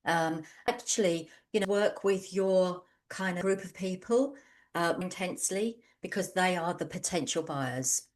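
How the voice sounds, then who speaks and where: A woman's voice: on the low side, unhurried. Chatty woman coaching online. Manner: conversational, anecdotal, frequent ums. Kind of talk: webinar presentation.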